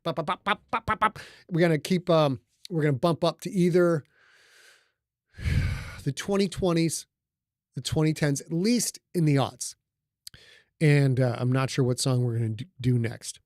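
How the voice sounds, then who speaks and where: A man's voice: fairly high pitch, measured pace, long pauses, a little mellow, no room sound, clean studio sound. A middle-aged man hosting a casual livestream, talking loosely and joking with his audience. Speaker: livestream host and author. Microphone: studio microphone.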